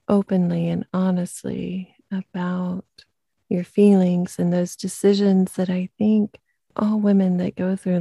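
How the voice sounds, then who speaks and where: Slow, flat, husky woman host. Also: lowish voice, no echo. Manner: gentle, supportive listener. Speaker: podcast host. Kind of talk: interview.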